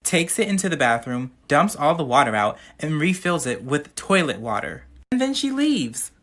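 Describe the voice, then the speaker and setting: A woman's voice: low voice, lively intonation, moderate pace. A woman telling a story in a sassy, gossipy way. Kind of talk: casual storytime.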